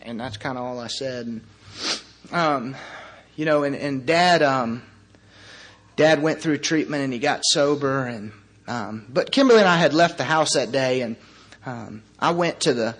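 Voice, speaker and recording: A man's voice: mid-range voice, unhurried, a bit bright. A young man speaking at a recovery meeting, telling his personal story in an earnest, conversational way.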